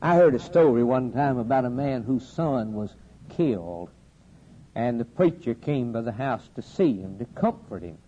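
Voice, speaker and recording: A man preaching a sermon, with a steady preaching cadence that builds to loud, emphatic climaxes with dramatic pauses. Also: mid-range voice. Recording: dull lo-fi sermon recording with faint hiss.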